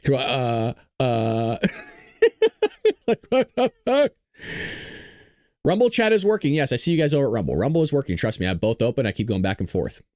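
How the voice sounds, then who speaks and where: Animated, rambling male stream host. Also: medium pitch, normal speed, pauses often, dry recording, clean studio sound. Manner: rambling, exasperated, joking. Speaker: show host. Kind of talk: casual live-stream commentary.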